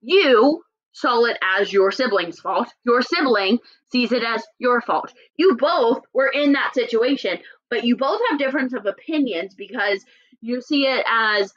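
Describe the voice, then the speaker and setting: A woman teacher with a fairly high, very lively voice, reading a story and chatting through a lesson. She often asks her listeners to follow along. The audio sounds a little dull and lo-fi. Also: measured pace. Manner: animated, checks in with listeners often. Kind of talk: classroom lesson and read-aloud.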